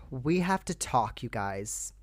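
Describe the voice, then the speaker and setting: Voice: mid-range voice, big pitch swings, extremely slow, fairly bright tone, dry recording. A young adult podcast host chatting casually on their own show, ranting heatedly, swearing freely and calling out to listeners. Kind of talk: casual solo podcast chat.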